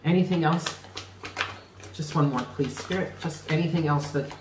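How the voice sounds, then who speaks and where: A man's voice: on the high side, moderate pace, roomy sound, background noise. A man giving a tarot reading, speaking earnestly and stressing points by repeating them. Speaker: tarot reader.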